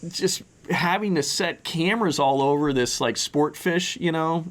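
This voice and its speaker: Male podcast host with a slightly high pitch, casual and rambling, lots of restarts. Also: measured pace. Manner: rambling, with frequent restarts and fillers. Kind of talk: casual interview chat.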